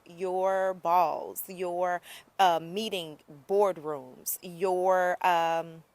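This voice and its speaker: A woman's voice: lowish voice, dry recording. Chatty woman teaching, dry close sound. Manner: upbeat, chatty, checks in with "okay?" and "right?". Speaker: Spanish teacher. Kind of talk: casual video lesson.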